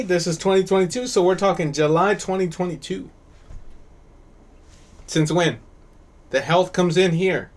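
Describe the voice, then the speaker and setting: A man teaching a live class on reading charts, who quizzes his students, coaxes answers and bursts into animated praise. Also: high-pitched. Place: online class session.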